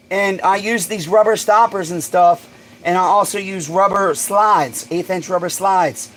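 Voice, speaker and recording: Hyped up guy on his livestream, high voice, cussing a lot, faint background hum. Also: rough recording. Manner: excitable, swears freely, bursts into shouts. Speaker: livestream host. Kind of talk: casual livestream chat.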